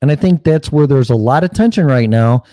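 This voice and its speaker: A man's voice: medium pitch, animated, fairly quick, dark tone, no room sound. A man hosting a show, delivering a blunt, heated political monologue full of swearing and mocking asides. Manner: blunt, heated, swears often, mocks opponents in put-on quotes. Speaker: podcast host.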